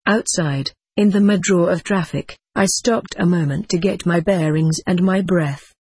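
A reader giving measured, reflective first-person narration of an audiobook. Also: medium pitch, a little mellow, husky, dry recording.

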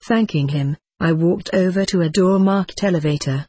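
A reader narrating a memoir-style audiobook in a measured, reflective way. The voice is husky and mid-pitched, recorded dry and close. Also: warm tone, no echo. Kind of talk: scripted first-person narration.

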